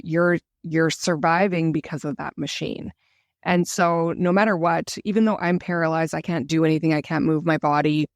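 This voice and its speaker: A woman's voice: low voice, gravelly, no room sound, studio quality. A woman guest telling her own story in an interview, earnest and reflective. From Canada. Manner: earnest, emotional, reflective retelling.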